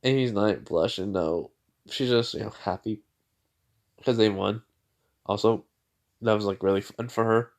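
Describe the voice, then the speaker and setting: A man's voice: lowish voice, unhurried, long pauses. A man casually retelling a fan story in a rambling way, full of filler words.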